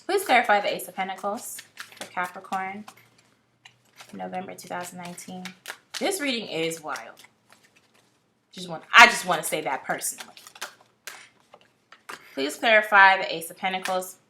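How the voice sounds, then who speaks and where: A woman talks through a tarot spread in a loose, candid vlog manner, blunt and quick to swear. Her voice is bright and forceful, with a middling pitch. Faint background noise sits under her speech. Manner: chatty, blunt, animated, swears. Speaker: tarot reader. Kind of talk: casual tarot reading vlog.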